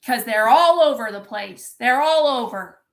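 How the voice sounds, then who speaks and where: High-voiced woman ranting on a livestream, swearing a lot, pumped up, talking back to chat. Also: animated, measured pace. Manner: intense, profane, impassioned; reads and answers chat. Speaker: motivational coach. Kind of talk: live-streamed pep talk.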